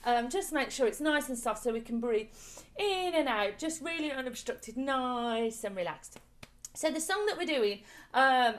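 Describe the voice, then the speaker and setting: A woman leading an online choir warm-up from home over a video call, chatty and encouraging, coaxing the group along with repeated praise. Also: on the high side. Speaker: choir leader. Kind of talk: online singing warm-up class.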